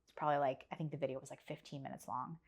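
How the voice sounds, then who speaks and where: A woman's voice: extremely low pitch, fairly even intonation, very fast, darkish tone, breathy edge. A woman speaking as a podcast guest, telling a personal story candidly, with earnest emphasis and repeated phrases. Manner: candid about struggles. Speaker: podcast guest, business leader.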